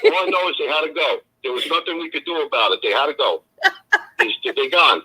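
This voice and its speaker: A man's voice: on the high side, expressive, quick pace, pushed and bright, breathy edge, low-quality recording. A man co-hosting a casual live chat stream, telling stories in a tough-guy mobster manner. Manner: tough-guy mob banter, storytelling.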